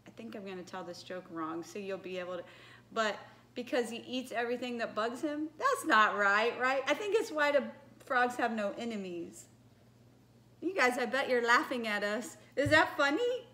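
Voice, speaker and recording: A woman's voice: on the high side, lively intonation, normal speed, sharp tone. A woman leading a church children's message, chatting playfully and laughing at herself as she tells jokes to children. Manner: playful, giggly, self-teasing. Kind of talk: casual talk to children.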